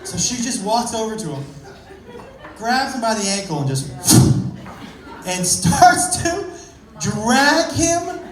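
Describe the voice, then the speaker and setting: A male stand-up comedian telling a rowdy, profane story on stage, acting out voices and breaking into shouts. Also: very high-pitched, huge pitch swings, a little slow. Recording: echoey club, live crowd laughing. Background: crowd laughter.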